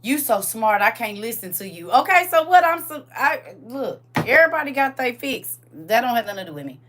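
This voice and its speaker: A woman's voice: on the high side, brisk, noisy background. A grandmother hosting a casual livestream, talking sassily and directly to her viewers from her phone. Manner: sassy, animated, talks straight to viewers.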